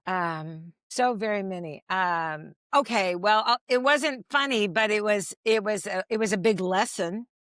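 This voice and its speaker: A woman's voice: mid-range voice, measured pace, few pauses, dry recording, studio quality. An older woman, a comedian, telling stage stories in a conversational, self-deprecating way. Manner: animated, laughing, self-deprecating anecdotes. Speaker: comedian guest. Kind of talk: conversational storytelling.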